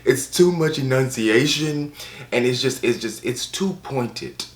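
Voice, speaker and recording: An American man reviewing books in a sassy, animated casual chat, repeating phrases for emphasis. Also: mid-range voice, a little slow, roomy sound. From United States. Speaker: book reviewer.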